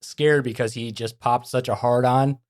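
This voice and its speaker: A male podcast host in a casual chat tells stories with lively energy, acting out the people he quotes. He speaks in a mid-range voice at a moderate pace.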